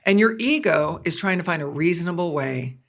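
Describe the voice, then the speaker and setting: A woman's voice: on the low side, brisk, gravelly. A middle-aged woman guest on a podcast, speaking conversationally and acting out the quotes in her stories. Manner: animated storyteller, acts out quotes. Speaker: guest, sports broadcaster and producer.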